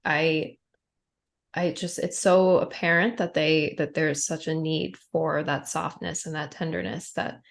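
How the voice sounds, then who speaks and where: A woman who is a breathwork facilitator, talking softly and earnestly on a podcast. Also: sits low, fairly even intonation, unhurried, creaky. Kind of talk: podcast conversation.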